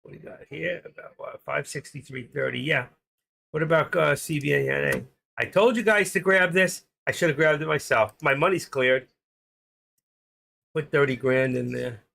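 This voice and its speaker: Gravelly new york guy chatting on a trading stream, bright husky voice, rambles and cracks jokes. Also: on the high side, moderate pace. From Queens, New York. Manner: rambling, joking, thinking aloud. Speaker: stock trading livestream host. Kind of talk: casual livestream chat.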